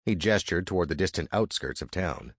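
Deep-voiced man narrating a story. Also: lively intonation, a little fast, a bit bright, breathy edge, no room sound, studio quality. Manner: dramatic, vivid storytelling. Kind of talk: scripted first-person narration.

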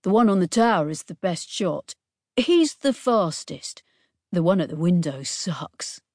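A slight, strange boy reels off facts in a flat, brisk manner, slightly higher than the narration. A woman narrator voices him in an audiobook. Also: no echo, studio quality. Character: slight, odd young man with vacant intensity.

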